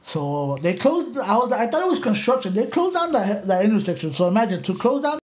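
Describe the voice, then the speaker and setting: This guest on a podcast, from around Los Angeles, swears freely and tells animated, casual stories during an interview, flipping between Spanish and English. He speaks a little fast in a high-sitting voice.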